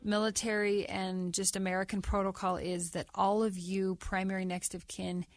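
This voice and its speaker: A woman hosting an interview podcast, asking questions in a steady, conversational way. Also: mid-range voice, moderate pace, no echo, faint music behind. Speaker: podcast host.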